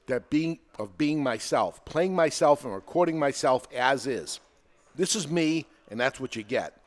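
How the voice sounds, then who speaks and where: A man hosting his own podcast, talking in an animated, emphatic, conversational way. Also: mid-range voice. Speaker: podcast host. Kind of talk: solo podcast monologue. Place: podcast studio.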